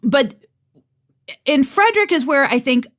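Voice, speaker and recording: A woman's voice: sits high, expressive, measured pace. A woman co-hosting a podcast, a radio host and audiobook narrator, chatting and telling stories in a casual way. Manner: chatty, storytelling. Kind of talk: casual chat.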